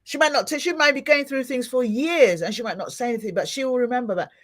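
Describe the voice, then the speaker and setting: A woman's voice: sits high, quick pace. A middle-aged woman hosting a podcast, chatting casually and acting out little scenes as she talks. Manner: animated, expressive, acts out little scenes. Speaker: podcast host. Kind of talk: casual interview chat.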